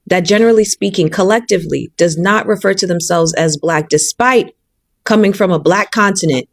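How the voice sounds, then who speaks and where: Lower-voiced woman, dry and defiant. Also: dry recording. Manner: rhetorical, deliberate, defiant. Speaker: social media commentator. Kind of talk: direct-to-camera commentary.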